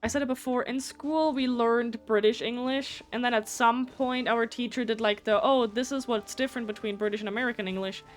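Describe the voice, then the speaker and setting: A woman's voice: fairly high pitch, fairly even intonation, a little fast, few pauses. A woman with a German accent, a native German speaker, chatting casually and rambling on a live gameplay stream, swearing often.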